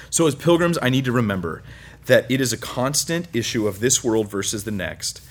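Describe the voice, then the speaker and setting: A man from California preaching a sermon at a mid-range pitch. He drives his points home with sudden loud, high stresses, then drops to quiet, low lines. He slips in self-mocking humor and chuckles. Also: animated, brisk. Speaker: pastor.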